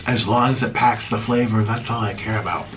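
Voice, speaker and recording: A man in his thirties hosts an eating video at home, chatting casually and answering viewer questions with sarcastic, theatrical flair, his pitch swinging between high and low. He talks a little fast, and the distant mic picks up background noise.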